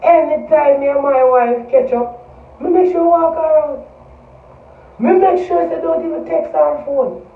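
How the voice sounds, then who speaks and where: A man with a Jamaican accent, talking to his vlog audience in a loose, animated way, swearing often and repeating himself. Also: very high-pitched, measured pace, creaky. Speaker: vlogger. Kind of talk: casual vlog monologue. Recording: echoey, far from mic, tinny phone-like sound.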